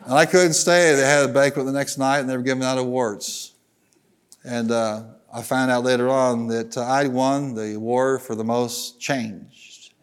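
A man's voice: medium pitch, steady tone, normal speed, smooth. A middle-aged man, a pastor from Southern Illinois, preaching to a congregation, telling stories in a folksy way and calling for the congregation to answer him. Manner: folksy storytelling, calls for congregation responses. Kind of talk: sermon with stories. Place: church sanctuary.

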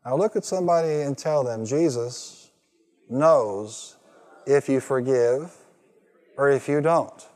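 A male pastor delivers a sermon with call-and-response, his ordinary mid-pitched voice rising to emphatic peaks. The sound carries a long reverb, as if recorded in a large church sanctuary. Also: takes it slowly, darkish tone. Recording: reverberant hall.

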